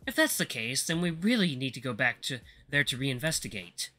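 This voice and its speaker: A man voicing a brisk, analytical young male researcher who speaks in a clinical, matter-of-fact way. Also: medium pitch, sing-song, pushed and bright, soft background music.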